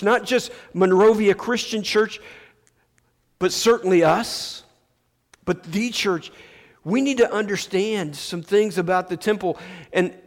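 A man preaching a sermon as pastor, slow and emphatic, restarting his phrases often. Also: high-pitched. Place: church sanctuary. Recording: long church reverb.

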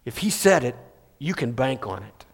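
A man's voice: medium pitch, big pitch swings, moderate pace. Man preaching in a reverberant hall. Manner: swings between loud emphasis and hushed, near-whispered passages. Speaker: pastor. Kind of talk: sermon.

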